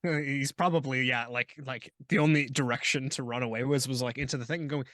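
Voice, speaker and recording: A man's voice: mid-range voice, steady tone, brisk, hardly any pauses, fairly bright tone, no echo, studio quality. A man playing a tabletop game, talking hesitantly with stumbles and restarts. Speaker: player. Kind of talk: tabletop game role-play.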